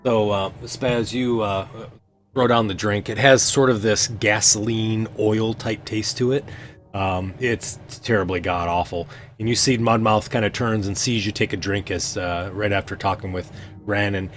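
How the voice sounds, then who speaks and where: A man narrating as game master of a tabletop game, relaxed and halting with many fillers. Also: on the low side, soft background music.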